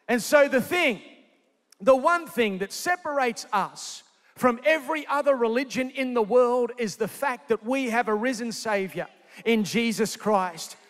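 A man preaching a sermon live in a large convention centre, energetic and jokey, calling out to the crowd. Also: very high-pitched. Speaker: pastor. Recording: echoey convention hall.

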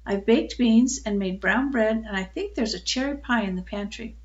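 A woman's voice: on the high side, normal speed, muffled recording, natural voice. A woman doing a kindly old farm woman. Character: kindly older farm woman, warm and motherly.

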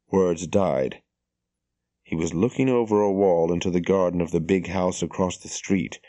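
A man narrating an audiobook in a measured, steady storytelling manner. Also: low voice, no echo, clean studio sound.

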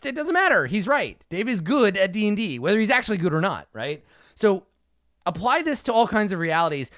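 A man fields fan questions on a casual stream, talking bluntly with plenty of swearing. His fairly high voice swings widely in pitch as he jumps into little acted-out exchanges. The sound is close and dry, with no room around it. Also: a bit bright, no echo. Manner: blunt, profane, acts out quick mock dialogue. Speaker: game master answering fan questions. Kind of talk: casual livestream Q&A.

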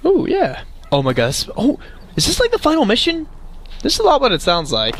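Excitable, animated man narrating gameplay. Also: extremely high pitch, a little fast, a little hiss or hum. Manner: excitable, chatty, talks to game animals. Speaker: game streamer. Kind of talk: let's play commentary.

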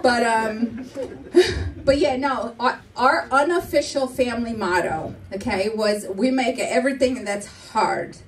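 A woman's voice: on the high side, unhurried, distant mic. A middle-aged woman doing a stand-up comedy set, brash and profane, acting out her family in the telling. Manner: animated, brash, profane, acts out family members. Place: comedy club stage. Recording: live club, mic heard from afar, audience laughter. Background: audience laughter.

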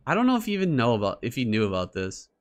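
A man giving casual commentary over his own strategy game match, excitable and crude, swearing and mocking his opponent with frequent laughter. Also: medium pitch, very fast. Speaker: gaming streamer.

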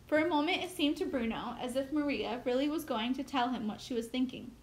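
A woman teacher reading a novel aloud in steady, measured storytelling. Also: high voice, low-quality recording.

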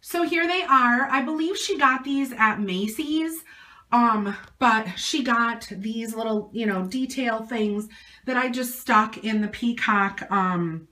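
A hoarse, short-of-breath woman with an Upper Midwest American accent, chatting casually in a home vlog with lots of fillers. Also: on the high side, slow pace, bright, forceful tone. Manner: rambling, chatty, many fillers. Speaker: vlogger. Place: at home indoors.

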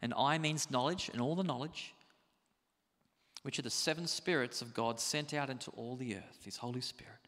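A man preaching a sermon as pastor, animated and conversational, asking the congregation rhetorical questions. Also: mid-range voice, normal speed, in a large hall.

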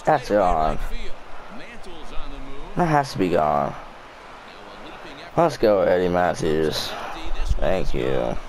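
A man's voice: deep voice, lively intonation, drawn-out words, long pauses, a little mellow, low-quality recording. A young man commentating his own baseball gameplay, frustrated and swearing, muttering at himself. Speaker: gaming YouTuber.

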